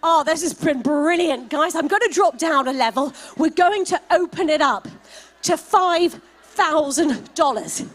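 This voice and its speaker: A high-pitched woman speaking a little slowly leads a paddle raise at a gala, announcing donation amounts and gushing over every donor. She is the fundraising auctioneer, working an event hall.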